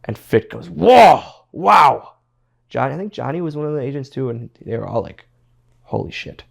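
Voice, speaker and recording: Male guest, gravelly, middle pitch, rambling anecdotal storyteller who repeats himself. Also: quick pace, a little mellow. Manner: rambling, repeats words, quotes others in his stories. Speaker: interview guest, former pro wrestler. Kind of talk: casual storytelling interview.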